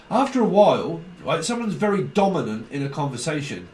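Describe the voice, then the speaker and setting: A man's voice: a little high, very animated, quick pace, hardly any pauses, darkish tone. A man reading tarot in a casual monologue, rambling, swearing, laughing often and mimicking other people. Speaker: tarot reader. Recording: echoey room, some distance from the mic, faint noise.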